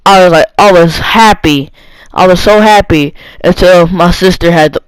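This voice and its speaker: Young teen boy rambling thru a storytime, high smooth voice, dry close sound. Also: normal speed, dry recording, rough recording. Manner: rambling, many fillers and restarts. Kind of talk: casual storytime monologue.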